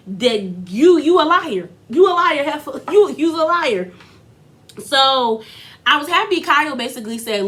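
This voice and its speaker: A woman hosts a casual reality TV recap in a slightly high voice, her delivery sassy and slangy. She retells things animatedly, acting out the quotes.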